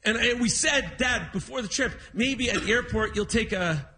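A man's voice: very high-pitched, moderate pace, a little hiss or hum, low-quality recording. A man doing a stand-up comedy set on a theatre stage, telling a story and acting out his grumpy dad. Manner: animated storytelling, acts out his dad's grumbling.

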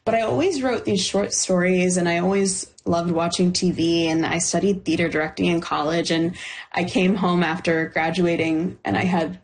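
A young woman screenwriter from Los Angeles talks through her story in a relaxed interview, animated and laughing easily. Her voice sits a touch low for a woman, and her speech is chatty and loose. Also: normal speed. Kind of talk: casual interview conversation.

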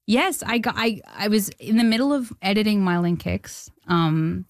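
Excitable woman telling a story. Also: mid-range voice, moderate pace, no echo, studio quality. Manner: excitable storyteller, acts out quotes, laughs often. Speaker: film director, guest. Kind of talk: anecdote in interview.

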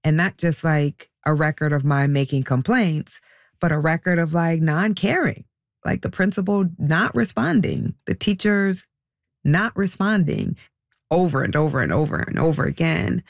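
A woman, a mother, telling a personal story in conversational speech, full of "like" and "um", slowing and softening when she is moved. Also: low-pitched, lively intonation, gravelly, no echo, studio quality. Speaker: interviewee, mother.

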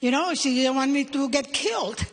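A Nicaraguan woman with a Spanish accent performing a lively stand-up comedy set on stage, playful and punchy. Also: high-pitched, normal speed. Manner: animated, playful, chants and shouts punchlines. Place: comedy stage before a live audience.

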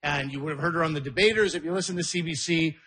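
A man's voice: a little high, racing, bright, forceful tone, slightly rough. A man hosting a comedy show, hyping up the crowd as he brings the next comedian to the stage. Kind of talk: introducing a comedian.

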